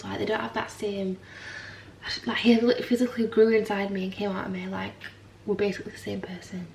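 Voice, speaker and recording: A woman's voice: mid-range voice, fairly even intonation, brisk, creaky, darkish tone, roomy sound, distant mic, slight background noise. A young mother vlogging in a frank, rambling chat to camera, tired and swearing now and then. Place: home.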